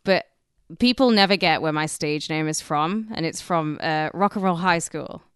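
Smooth-voiced northern English woman. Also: deep voice, normal speed, dry recording, clean studio sound. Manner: bubbly, laughs often. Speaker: podcast co-host. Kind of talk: casual chat.

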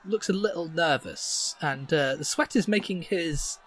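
A man running a tabletop game as game master, narrating with many filler pauses. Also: on the high side, a bit bright, husky, low-quality recording.

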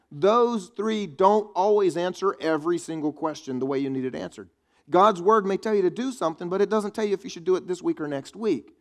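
A man preaching, keeping the tone chatty and teasing his congregation between points. His voice sits a bit higher than most men's. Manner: conversational preaching with quips to the congregation. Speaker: pastor. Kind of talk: sermon.

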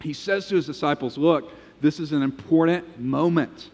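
A man, a pastor, preaching a sermon in a church, telling the story with animated quoted voices. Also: fairly high pitch, moderate pace, in a large hall. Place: church sanctuary.

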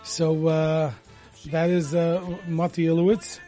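A man's voice: on the high side, monotone, takes it slowly, mellow, faint music behind. A male radio host chatting casually and enthusiastically, rambling with lots of fillers and restarts.

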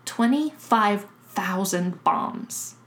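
A woman's voice: mid-range voice, expressive, drawn-out words, a bit bright. A woman co-hosting a casual history chat, telling the story with lots of fillers and restarts. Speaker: podcast co-host.

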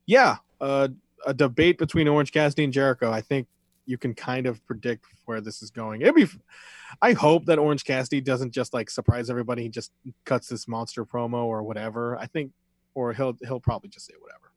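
A man's voice: medium pitch, brisk, no room sound. Rambling casual podcast man. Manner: rambling, filler-heavy, swears casually. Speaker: podcast co-host recapping wrestling. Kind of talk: casual chat.

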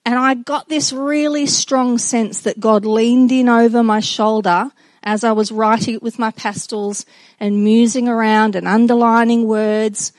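A middle-aged woman giving a personal devotional talk to children and a congregation, earnest and reflective, with halting restarts. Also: on the high side, flat delivery, darkish tone, no echo. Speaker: speaker addressing children and congregation.

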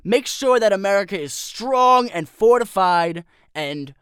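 A man's voice: high-pitched, animated, a little slow, a bit bright, smooth, no room sound, clean studio sound. A man playing a ranting hot-headed pundit. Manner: ranting, easily worked up. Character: blustery hot-headed male political pundit. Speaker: co-host of a parody political podcast.

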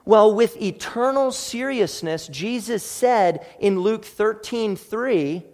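A man's voice: high voice, slow pace, hardly any pauses, a little mellow, big-room sound. A man preaching a sermon in an earnest, emphatic, explanatory way. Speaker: pastor.

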